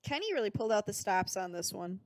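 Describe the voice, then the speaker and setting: A woman's voice: medium pitch, sing-song, fast talker, dry recording. A young woman co-hosting a podcast, chatting playfully and enthusiastically about a movie with plenty of joking. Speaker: podcast co-host. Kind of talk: casual chat about a movie.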